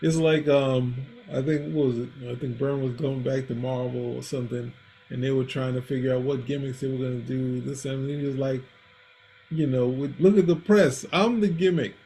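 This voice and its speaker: A man's voice: medium pitch, level tone, moderate pace, warm tone, slight background noise, poor audio. A man co-hosting a comics talk show, rambling with frequent restarts and acting out quotes in casual chat. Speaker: comics podcast co-host.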